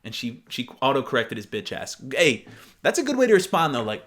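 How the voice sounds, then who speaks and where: A man's voice: high voice, huge pitch swings, fairly quick, fairly bright tone. A young man from Michigan giving reaction commentary on text messages in an incredulous, exclaiming manner. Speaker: YouTuber.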